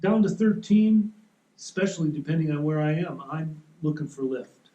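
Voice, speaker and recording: A man giving a relaxed, practical seminar talk to a club audience, explaining with rules of thumb in a meeting room. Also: fairly high pitch, normal speed, muffled recording. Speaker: seminar presenter. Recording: echoey room.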